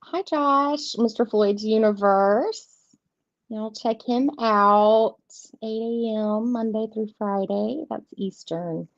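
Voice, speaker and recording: Slow, giggly woman. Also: fairly high pitch, no echo. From southeastern United States. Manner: chatty, giggly, rambling, greets viewers by name. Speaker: host of a live tarot stream. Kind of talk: casual live-stream chat. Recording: dull lo-fi stream audio, dry.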